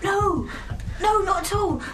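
A woman's voice: very high-pitched, slow, fairly bright tone. A woman acting exasperated and sarcastic in a comedy sketch.

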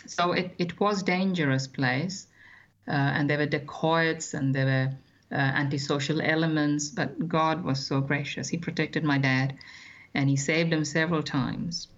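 A man, recounting his childhood as an interview guest in a measured, thoughtful way with frequent hesitations. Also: on the high side, steady tone, fairly bright tone, dull audio. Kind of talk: reflective personal storytelling.

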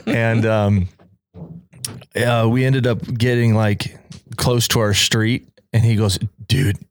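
A man's voice: on the low side, takes it slowly. Young man telling a laughing story. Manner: animated, laughs often, acts out quoted lines. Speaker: podcast guest telling a story. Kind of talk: casual storytelling.

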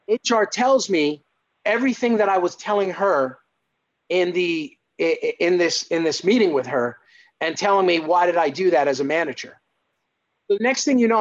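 Guy with a high voice telling his faith story, lively and earnest, kinda dull lo-fi audio. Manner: earnest, lively, acts out exclamations. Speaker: guest sharing a faith testimony. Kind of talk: animated personal storytelling.

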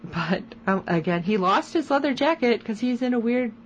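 A woman's voice: fairly high pitch, normal speed, dull audio, slight background noise. A woman co-hosting a podcast, chatting casually as she recaps a TV episode and acts out quoted lines. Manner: animated, retells scenes with quoted lines. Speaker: podcast co-host.

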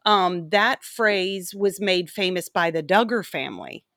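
A woman hosting a podcast in casual chat, playful and bubbly, with quick asides to her co-host. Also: fairly low pitch, expressive, fairly bright tone, no room sound, clean studio sound.

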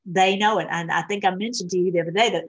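A woman's voice: on the low side, fairly even intonation, fast, husky, lo-fi sound. A middle-aged woman rambling through casual commentary as she reads posts aloud, with many restarts and fillers. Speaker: online show host.

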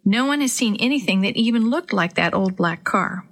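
A woman reading aloud, voicing a kind, steady father who leads the search and reassures the children. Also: mid-range voice, normal speed. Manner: calm, reassuring.

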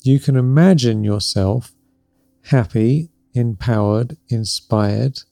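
A middle-aged man speaks in a dry, close, gravelly voice, softly guiding listeners through spiritual ideas as a podcast host. His delivery is reflective and encouraging, and he often checks in with "right?" Faint music runs underneath. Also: mid-range voice, takes it slowly, dry recording. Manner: gentle, reflective, warmly encouraging, laughs softly between points, often adds "right?". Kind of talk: spiritual teaching talk.

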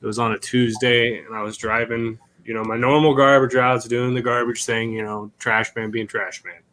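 A man's voice: mid-range voice, level tone, moderate pace, a bit bright. A man telling a rambling, profane story in casual podcast chat, laughing as he goes. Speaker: podcast co-host.

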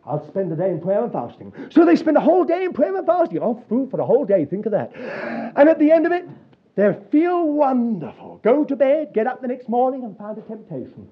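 A man preaching with a high voice that leaps up and down in pitch. He tells his stories with a chuckle and plenty of animation. The recording is dull and lo-fi. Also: sing-song, a little fast, slightly rough. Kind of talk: sermon. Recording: dull lo-fi sound.

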